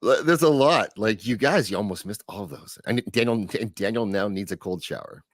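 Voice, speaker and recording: A man's voice: lowish voice, fairly quick, dry recording, studio quality. A man co-hosting a livestream, reading chat comments aloud and laughing in casual banter.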